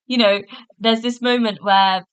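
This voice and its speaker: A woman's voice: fairly high pitch, steady tone, a little slow, smooth, no echo, poor audio. A woman hosting a podcast, chatting casually through a review with lots of fillers and restarts, recorded in a hotel room. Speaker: podcast host.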